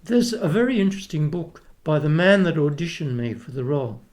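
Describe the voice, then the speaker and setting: A man's voice: fairly high pitch, big pitch swings, a little fast, a little mellow. An older Australian man, a retired opera tenor, tells rambling anecdotes in a casual interview, restarting sentences and acting out the people he quotes.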